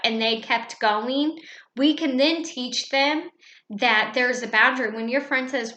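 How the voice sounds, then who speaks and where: A woman teacher calmly explaining how she runs her classroom, speaking in a measured way with frequent "um"s. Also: a little high. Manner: calm, measured, with many fillers. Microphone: webcam. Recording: echoey room.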